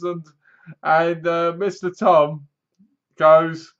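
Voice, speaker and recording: Talking casually to his webcam, a man reviews a film, rambling through the plot and laughing at the jokes. His voice is high, fairly bright, and a little slow. The webcam audio sounds dull and lo-fi.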